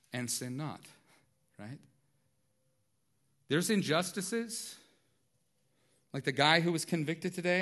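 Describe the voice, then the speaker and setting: A man preaching a sermon in a conversational way, dropping to a hush and then rising loud and intense, often asking "right?". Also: fairly high pitch. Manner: swings from hushed to loud and intense; conversational, repeats phrases and asks "right?". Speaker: pastor.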